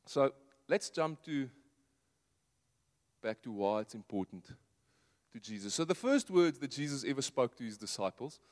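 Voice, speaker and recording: A man preaching a sermon in a conversational way, asking the congregation rhetorical questions and dropping to a soft low voice to make a point. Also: sing-song, moderate pace, long pauses. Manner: drops to a soft low voice for emphasis. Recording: long hall reverb.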